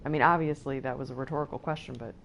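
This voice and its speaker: A woman's voice: rumbling low, fairly even intonation, racing, creaky, fairly bright tone, slight background noise. A woman streamer giving chatty, giggly commentary while playing a video game, talking back to the characters on screen. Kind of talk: casual let's-play commentary.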